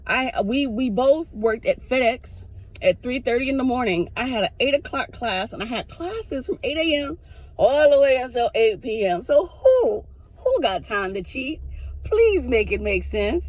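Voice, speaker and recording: A woman vlogger telling a personal story to her camera in a frank, animated way, swearing freely. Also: on the high side, measured pace, no echo. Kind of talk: casual storytime monologue. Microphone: self-recorded on camera. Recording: dull lo-fi sound.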